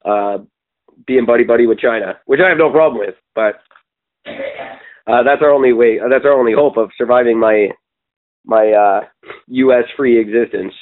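A Canadian man in casual podcast chat, blunt and full of swearing, often pausing on ums as he rambles. His voice sits in a middle range and comes through thin and tinny, like a phone line. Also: medium pitch. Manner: opinionated, profane, rambling with many ums. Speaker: podcast co-host.

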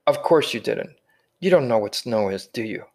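A man reading the part of a weary old man who carries heavy memories, speaking slowly with sighs. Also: mid-range voice, animated, darkish tone. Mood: gentle. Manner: slow, weighted, sighing. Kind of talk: audiobook character reading.

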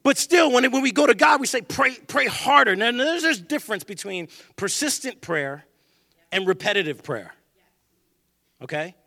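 A male pastor preaching a sermon in a church, animated and joking, acting out the voices of people he quotes. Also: sits high, moderate pace, no echo, clean studio sound.

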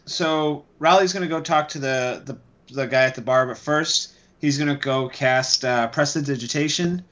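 A man's voice: mid-range voice, moderate pace, a bit bright, muffled recording. A man playing a tabletop game, casually describing what his character does. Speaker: player.

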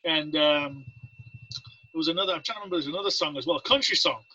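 A man's voice: a little high, fast talker, sharp tone, husky, no echo, lo-fi sound. A man with an English accent, a Navy veteran guest on a podcast, rambling through stories and acting out what people said. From England. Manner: rambling, anecdotal, acts out quotes. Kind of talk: casual storytelling.

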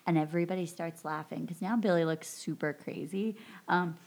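A woman's voice: lowish voice, normal speed, darkish tone. A woman podcast host casually retelling a movie plot, rambling with lots of fillers. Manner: rambling recap full of fillers and "like". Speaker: podcast host recapping a film. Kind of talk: casual chat.

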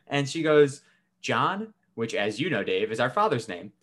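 A man's voice: medium pitch, animated, a little slow. A young man co-hosting a podcast, telling a family story in a casual, swearing, laughing way. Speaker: podcast co-host.

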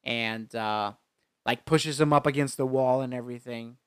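A man's voice: medium pitch, moderate pace, smooth, no echo, clean studio sound. A man in casual chat, animatedly retelling a film scene by scene, often laughing and acting out the characters' lines. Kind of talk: casual chat recapping a movie.

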